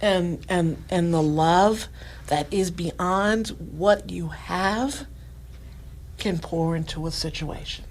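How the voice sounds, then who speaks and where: A middle-aged woman guest on a podcast, telling a deeply personal story in a soft voice that sometimes sinks to near-whispers. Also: slow, rough recording. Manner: soft-spoken, drops to near-whispers at tender moments.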